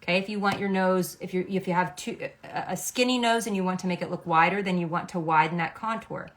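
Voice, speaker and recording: A woman's voice: lowish voice, fast talker. A middle-aged woman, a makeup artist, explaining a makeup routine step by step in a chatty, instructive way, often checking in with "okay?". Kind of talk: makeup tutorial.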